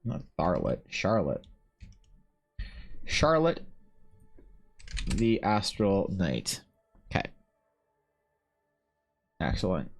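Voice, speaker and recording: Low-pitched male streamer who rambles and swears as he works, faint music underneath. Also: wildly swooping pitch, extremely slow, gravelly, long pauses. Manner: rambling, swears, talks to himself and chat. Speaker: artist streaming live. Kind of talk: casual live-stream chat while drawing.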